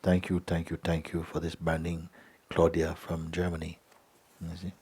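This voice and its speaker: Low, husky-voiced man giving a gentle spiritual talk. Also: completely flat delivery. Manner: gentle and unhurried, often asks "you see?" and "hmm?"; drops to a soft whisper at times. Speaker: spiritual teacher. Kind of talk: satsang talk answering a letter.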